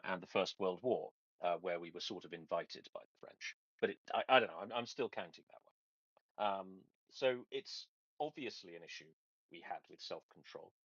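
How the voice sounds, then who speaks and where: A man hosting a casual online chat, joking with dry sarcasm and halting restarts, heard over a dull lo-fi call. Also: deep voice, fairly bright tone, no room sound. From England. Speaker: podcast host.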